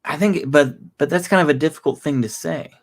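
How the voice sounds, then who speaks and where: Rambling Texan man chatting on a livestream. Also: on the high side. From Texas. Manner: rambling, halting, with many restarts and fillers. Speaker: livestreamer answering chat. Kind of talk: casual livestream chat.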